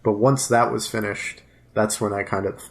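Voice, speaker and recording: A man's voice: fairly low pitch, fairly even intonation, normal speed, creaky. A man co-hosting a podcast, talking in a laid-back, plainspoken way. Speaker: podcast co-host. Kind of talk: casual chat.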